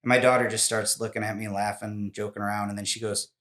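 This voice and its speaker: A man's voice: lowish voice, flat delivery, fast, a bit bright. A man in his forties, a podcast guest, telling a personal story in casual interview talk, candid and emotional, with many restarts.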